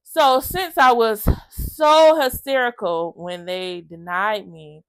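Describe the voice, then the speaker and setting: Speaking slowly in a high voice, a woman vlogs about her own experiences, talking straight to camera. Her storytelling is emotional and lively, with acted-out lines from others and chatty asides to "y'all." There's no room sound.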